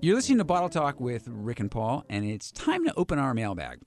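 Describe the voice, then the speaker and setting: A man co-hosting a casual wine radio show, animated and quick to laugh at himself. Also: medium pitch, over music. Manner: animated, laughing, self-deprecating.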